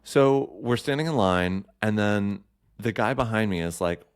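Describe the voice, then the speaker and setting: A man's voice: on the low side, measured pace, clear, resonant tone, no echo, clean studio sound. A man hosting a podcast, chatting casually and campily with lots of fillers and asides. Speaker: podcast host. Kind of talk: casual solo chat.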